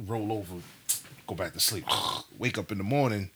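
A man telling a story in a casual chat, animated and profane, full of slang. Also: on the low side, brisk, slight background noise.

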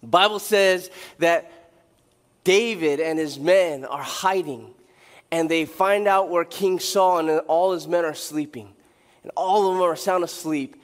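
Animated high-voiced male pastor preaching. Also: a little slow, long reverb tail. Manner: animated storytelling, acting out characters' lines. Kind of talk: sermon. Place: church sanctuary.

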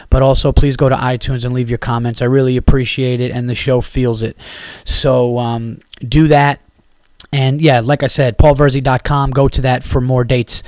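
A man's voice: medium pitch, clean tone, no room sound. A young man hosting his own podcast, a stand-up comic ranting casually, swearing freely and slipping into sarcasm. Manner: profane, animated and sarcastic, rambling with fillers. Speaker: podcast host and stand-up comedian. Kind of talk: casual solo podcast rant.

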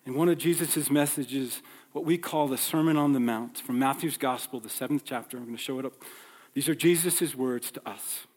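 A man's voice: mid-range voice, moderate pace, darkish tone. A man from New York preaching a sermon, telling stories conversationally and acting out the people in them. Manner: conversational, acts out dialogue in stories. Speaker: pastor. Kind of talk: sermon with personal storytelling. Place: church sanctuary. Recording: long hall reverb.

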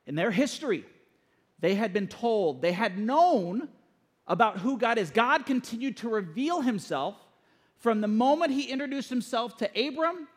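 A man preaching a sermon as pastor, joking and storytelling with lively energy. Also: very high-pitched, normal speed. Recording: long church hall reverb.

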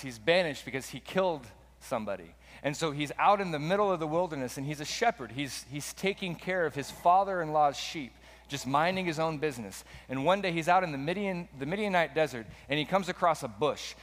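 Male preacher, relaxed conversational delivery, recorded with a long echo in a large church hall. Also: on the high side. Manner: casual conversational storytelling. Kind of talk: sermon.

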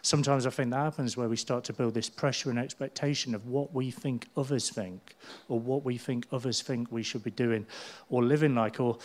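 Brief: middle-aged male pastor, conversational sermon, funny anecdotes. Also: mid-range voice. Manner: chatty storytelling with humour.

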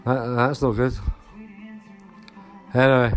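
A man's voice: mid-range voice, flat delivery, slow pace, soft background music. Crude rambling Scottish man. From Scotland. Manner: crude, drawling, ends phrases with "man". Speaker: recurring caller. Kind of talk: rambling voicemail story.

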